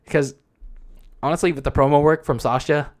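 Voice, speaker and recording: A man's voice: on the high side, steady tone, fairly quick, a little mellow. A young man hosting a wrestling podcast alone, talking casually in a frustrated, rambling way with many restarts and fillers. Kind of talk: casual solo commentary.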